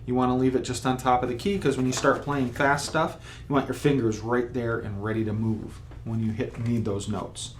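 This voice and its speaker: A man at an ordinary pitch, patiently walking a beginner through a trumpet lesson one step at a time. He sounds out beats and syllables to show the rhythm. A faint hum sits behind his voice. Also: fairly even intonation, normal speed, few pauses. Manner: patient, step-by-step explaining with spoken demonstrations. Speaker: trumpet teacher. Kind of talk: instructional video lesson.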